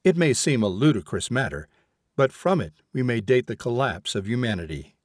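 A man narrating a story in a measured, expressive reading. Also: mid-range voice, no room sound, clean studio sound. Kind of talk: audiobook narration.

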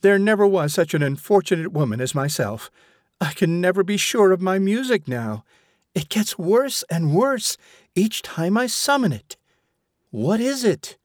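A man's voice: high-pitched, darkish tone, dry recording, studio quality, voice pushed up. A man voicing an indignant, fretful mother. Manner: petulant, indignant, complaining. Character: imperious, fretful woman, a mother.

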